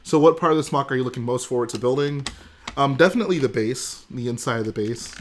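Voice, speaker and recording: A man's voice: mid-range voice, fast, slight background noise. A young man hosting a casual livestream, joking and chatting with his viewers. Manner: joking, chatty, responds to chat. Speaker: livestream host.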